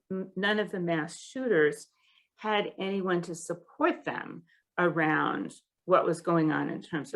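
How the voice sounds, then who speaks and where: A woman with a low, gravelly voice co-hosts a podcast discussion. She talks thoughtfully and hesitantly, searching for words with frequent fillers. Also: a bit bright.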